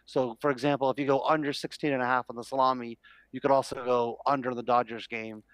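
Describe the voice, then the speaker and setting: A man co-hosting a sports betting show on a headset mic, relaxed, explaining his tips with many pauses. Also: medium pitch, clear, resonant tone, no echo, low-quality recording. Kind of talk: casual sports talk.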